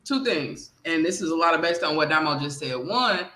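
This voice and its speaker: A woman co-hosting a casual podcast chat. She talks in an animated, profane way and acts out what other people might say. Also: sits low, normal speed. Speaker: podcast co-host. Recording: echoey room.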